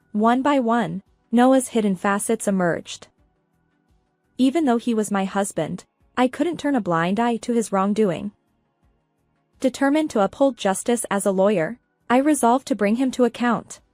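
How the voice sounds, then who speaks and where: A woman tells a first-person revenge tale at a steady, even pace. Her voice is a little high, and it is recorded dry over quiet music. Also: no room sound. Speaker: story narrator.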